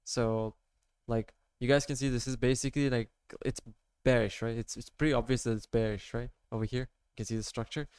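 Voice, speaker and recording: A man's voice: mid-range voice, steady tone, brisk, a little mellow, clear, resonant tone, no room sound. Rambling casual man explaining trades. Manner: rambling, full of "like" and "right?", talking to viewers. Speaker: amateur trader showing his charts. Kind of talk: casual screen-share tutorial.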